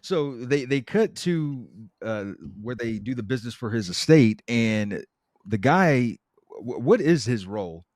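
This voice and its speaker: A man co-hosting a podcast, retelling a TV episode in casual chat with lively storytelling. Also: mid-range voice, measured pace, dry recording, clean studio sound. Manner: lively storytelling with acted-out quotes. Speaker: podcast co-host.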